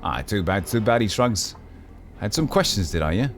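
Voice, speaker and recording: A man's voice: on the low side, moderate pace, a little hiss or hum. A man doing a chummy, easygoing street worker. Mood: friendly. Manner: casual, chummy, relaxed.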